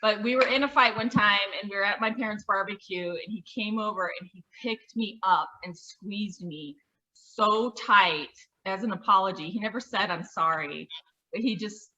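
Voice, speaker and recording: Bright-voiced woman telling a family story. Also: mid-range voice, moderate pace, slight background noise. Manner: warm, laughing, heartfelt. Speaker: family member sharing a memory. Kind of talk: casual storytelling. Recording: dull lo-fi audio.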